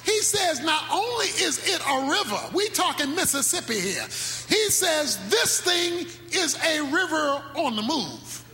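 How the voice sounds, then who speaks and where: High bright-voiced preacher in a hall. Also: male voice, very animated. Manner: dramatic preaching, sudden shouts and slow drawn-out phrases. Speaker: pastor. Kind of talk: sermon. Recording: echoey hall with faint music.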